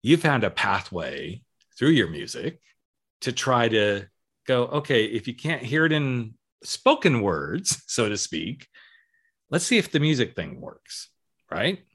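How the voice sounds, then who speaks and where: A man's voice: medium pitch, takes it slowly, husky. A middle-aged man hosting a casual talk show, telling stories with lots of acted-out quoted dialogue. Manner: animated storyteller acting out quoted dialogue. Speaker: podcast host and coach. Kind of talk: casual chat.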